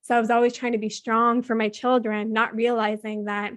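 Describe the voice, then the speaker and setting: A woman's voice: fairly high pitch, flat delivery, a little fast, a bit bright. A woman telling a personal story as a podcast guest, chatting freely and quoting what she and others said. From Canada. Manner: chatty, frequent "like" fillers, quotes her own and others' words.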